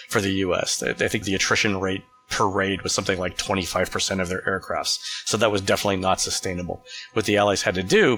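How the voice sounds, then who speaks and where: A man hosting a casual talk show, explaining things in a relaxed way with fillers and restarts. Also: lowish voice. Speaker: podcast host.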